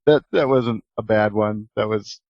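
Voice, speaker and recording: A man's voice: fairly low pitch, unhurried, dry recording, muffled recording. A man co-hosting a podcast, joking and laughing in casual chat. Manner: jokey, laughs often. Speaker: podcast co-host.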